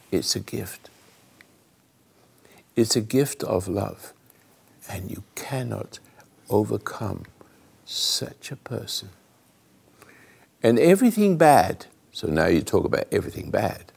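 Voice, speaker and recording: A man hosting a call-in radio show, telling a story dramatically and swinging between loud and hushed, halting and restarting mid-phrase. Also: lowish voice, vocal fry, husky.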